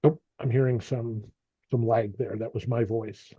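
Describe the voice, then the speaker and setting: A man's voice: medium pitch, fairly even intonation, breathy edge, no room sound, muffled recording. A man chairs a casual online meeting, speaking over a video call in a dry, close sound. He often stumbles and repeats words as he works through his thoughts. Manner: halting, repeats words while thinking. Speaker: meeting facilitator.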